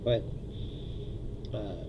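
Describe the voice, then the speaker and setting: A man's voice: drawn-out words, highs cut off, heavy background noise. A man hosting a casual solo livestream, sardonic and profane, laughing often at his own jokes. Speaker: livestream host. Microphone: streaming setup mic.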